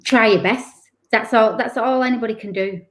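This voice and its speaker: A woman's voice: on the high side, normal speed. A woman, a guest author telling her personal story in an interview, candid and emotional with many restarts.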